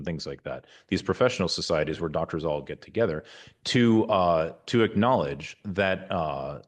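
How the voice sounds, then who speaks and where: Deep-voiced rambling man in his forties. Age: 40s. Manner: rambling, many restarts and fillers; candid, wry asides. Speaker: surgeon giving a lecture. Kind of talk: informal university talk.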